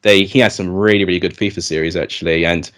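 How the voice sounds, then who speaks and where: A man's voice: low-pitched, steady tone, quick pace, fairly bright tone. A young man hosting a casual football chat, talking in a chatty way with lots of fillers. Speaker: host of a football channel chat.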